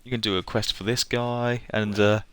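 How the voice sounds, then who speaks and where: A man's voice: on the low side, fairly even intonation, normal speed, fairly bright tone, slight background noise. A man streaming a game live, chatting casually and rambling, often laughing at himself.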